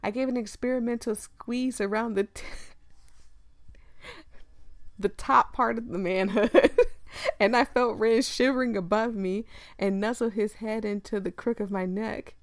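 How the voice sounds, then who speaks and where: A woman's voice: a little high, steady tone, a little slow, long pauses, dry recording. A young woman reading a visual novel aloud with her own commentary, often breaking into giggles. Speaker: gaming video creator.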